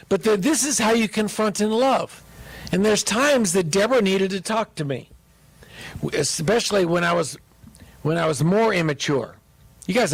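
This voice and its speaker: A man pastor teaching about marriage, joking and animated as he speaks to his listeners. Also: sits high, breathy edge, dry recording, rough recording.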